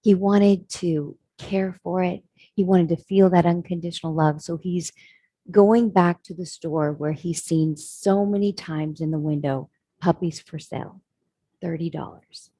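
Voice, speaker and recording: Woman preaching a story, mellow husky voice, dry sound. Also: on the low side, fairly even intonation, measured pace, dry recording. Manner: earnest, reflective. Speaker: speaker. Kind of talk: sermon storytelling.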